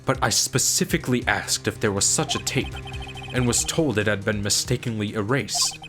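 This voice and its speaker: A man reading the lines of a calm, formal male prosecutor in his own voice. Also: lowish voice, moderate pace, lightly acted. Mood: cold. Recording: game music playing behind.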